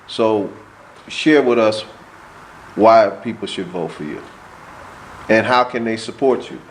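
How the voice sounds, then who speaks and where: Man, interviewer, somewhat low voice, long rambling questions full of fillers and repeated words, faint background noise. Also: slow, low-quality recording.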